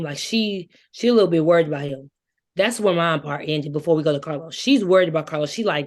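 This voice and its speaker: Emphatic woman in casual book chat. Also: sits low. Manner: emphatic, quick to object. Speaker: guest co-reader.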